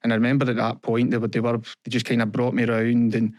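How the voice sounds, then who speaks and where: A young man with a Scottish accent, a guest in an interview, telling his story in an earnest, halting way and quoting what people said to him. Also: medium pitch, monotone, darkish tone, no room sound, studio quality. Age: young adult. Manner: earnest, halting, retells events with quoted dialogue. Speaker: podcast guest. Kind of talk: candid personal interview.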